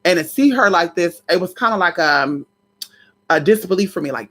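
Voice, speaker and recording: A woman's voice: on the low side, animated, normal speed, fairly bright tone. A woman vlogger chatting casually to her viewers, telling a story in colloquial, swear-laced speech.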